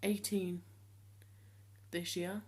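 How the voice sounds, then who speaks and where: Chatting to the camera for his vlog, a seventeen-year-old young man keeps saying um and restarting his sentences. His voice, deliberately trained lower, stays level in tone.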